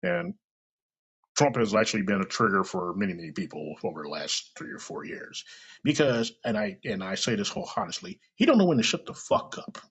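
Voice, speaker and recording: Man, husky gravelly voice, lively swooping pitch, profane rambling podcast rant, dull lo-fi sound. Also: brisk. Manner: profane, rambling, self-mocking. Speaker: podcast host. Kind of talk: solo podcast monologue. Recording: dull lo-fi recording.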